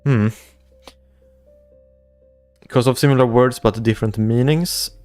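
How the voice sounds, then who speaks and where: A man's voice: mid-range voice, steady tone, measured pace, a little mellow, dry recording. A young man, hosting a casual livestream and reading chat aloud, rambling with repeated words and restarts. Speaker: livestream host. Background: faint background music.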